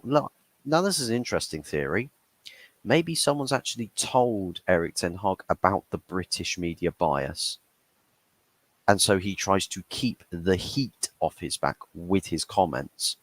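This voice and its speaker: A man's voice: deep voice, dry recording. A man hosting a football channel, ranting in casual chat and acting out quoted dialogue with frequent restarts. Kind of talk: casual chat, opinionated rant.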